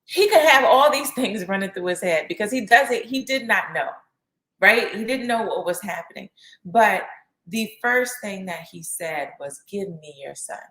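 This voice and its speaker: A woman's voice: mid-range voice, lively intonation, moderate pace, a bit bright. Woman preaching casually in an echoey room. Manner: repeats phrases for emphasis and acts out quotes; casual, uses fillers like "right?" and "you know". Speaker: speaker teaching a faith lesson. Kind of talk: conversational sermon.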